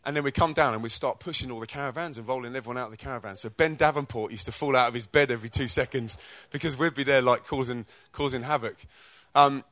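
A British man gives a testimony-style sermon to young people, his voice sitting at a medium pitch. He tells stories from his own life in an energetic, chatty way. The sound is dry and close. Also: fast talker, few pauses, no echo. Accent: British English. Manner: energetic, chatty storyteller who acts out quotes. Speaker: speaker at a youth church event.

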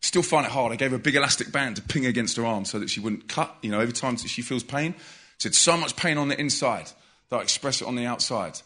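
Forceful husky preacher man. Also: medium pitch, fast. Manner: energetic storyteller, loud bursts of emphasis. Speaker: youth evangelist. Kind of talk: preaching testimony to a live audience.

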